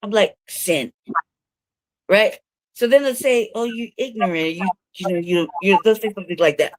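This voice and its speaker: A woman's voice: mid-range voice, lively intonation, normal speed, no room sound. A woman co-hosting a casual talk show from her own room, telling stories in a profane, laughing way. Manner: profane storyteller, laughs often. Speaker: co-host of a news talk show. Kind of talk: casual chat.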